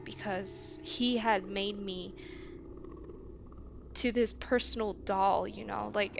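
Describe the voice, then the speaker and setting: A young adult woman telling a personal story in a casual storytime vlog, candid and halting, often sighing between phrases. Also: mid-range voice, vocal fry, fairly bright tone, slight background noise. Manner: candid, halting, with frequent sighs. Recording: slightly muffled lo-fi recording.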